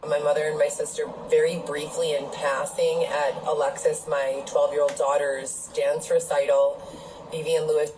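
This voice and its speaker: Very low, flat-voiced woman in a noisy clip. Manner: measured, level delivery. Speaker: person in a played clip. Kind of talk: calm formal statement. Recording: noisy played-back clip.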